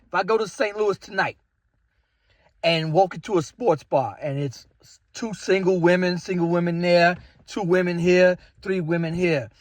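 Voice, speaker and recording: A man's voice: high-pitched, moderate pace, no echo. A man in his thirties from the Chicago area, ranting casually about dating and acting out bits of the story. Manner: animated, jumps into quoted voices. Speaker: vlogger.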